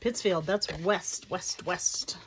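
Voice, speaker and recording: A woman with a Boston accent and a slightly low voice chats along as she walks viewers through a crafting project. She thinks aloud as she works and greets viewers between steps, with a faint hiss of background noise. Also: slow pace. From Massachusetts. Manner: chatty, thinks aloud while working, greets viewers by place. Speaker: crafting livestream host. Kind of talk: casual crafting demonstration, chatting with viewers.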